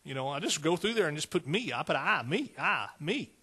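Male preacher, fervent, slightly high voice. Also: very animated, fairly quick, sharp tone, slightly rough. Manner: fervent, calls out to the congregation. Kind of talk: sermon.

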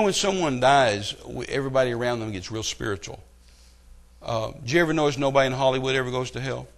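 A middle-aged man preaching a sermon, telling stories and building to loud, emphatic outbursts. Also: medium pitch. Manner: animated storytelling with rising outbursts.

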